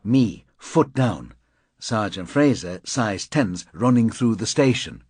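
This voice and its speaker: A man's voice: fairly low pitch, expressive, takes it slowly, a little mellow, husky, no room sound. A man reading an audiobook in a terse, clipped first-person narration. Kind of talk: scripted narration.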